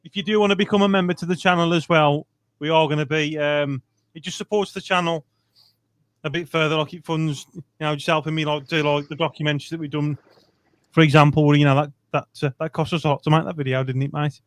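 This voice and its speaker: A man's voice: a little high, fairly even intonation, fast, no room sound. A man hosting a football fan channel, matey and coaxing in a casual chat. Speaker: channel host.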